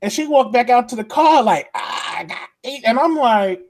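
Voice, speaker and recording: Speaking at normal speed with an extremely high pitch, this man has a darkish tone and lively intonation. He's a podcast co-host with a New York accent, acting out others' voices as he tells a long story in an animated way.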